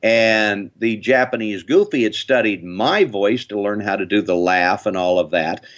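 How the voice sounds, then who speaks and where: An older man, a voice actor, telling lively interview anecdotes. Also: lowish voice, moderate pace. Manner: lively storyteller, slips into character voices. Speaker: voice actor guest.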